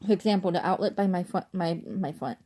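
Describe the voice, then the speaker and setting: A woman's voice: fairly low pitch, fairly quick, dark tone. A young woman telling a rambling story casually at home in her bedroom at night, full of "like" and asides. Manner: rambling, chatty, lots of "like". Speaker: vlogger.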